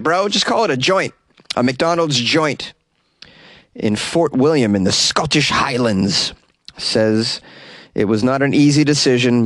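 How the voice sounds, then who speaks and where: A man with a mid-range voice reads weird news stories and keeps breaking off into sarcastic jokes about them. The sound is close and dry, with no room echo. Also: medium pitch. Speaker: podcast host. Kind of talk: comedic news commentary. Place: small closet.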